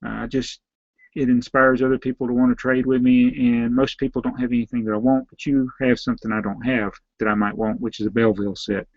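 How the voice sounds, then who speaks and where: A man with a Southern US accent, a slightly hoarse YouTube host who reads out viewer names and questions and answers them in a rambling, offhand way. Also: medium pitch, flat delivery, fast, dry recording, muffled recording. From Southern United States. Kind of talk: casual live Q&A.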